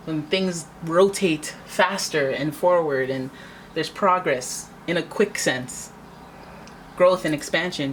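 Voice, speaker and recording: A woman's voice: low-pitched, a little hiss or hum. A woman giving a casual tarot reading, chatty and dramatic, slipping into playful acted-out voices. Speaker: tarot reader.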